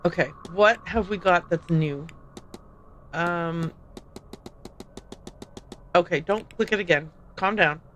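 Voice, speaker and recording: A woman streaming a game, chatting in an excitable, jokey, self-deprecating way with quick tangents. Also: lowish voice, slight background noise, poor audio. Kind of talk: livestream gameplay commentary.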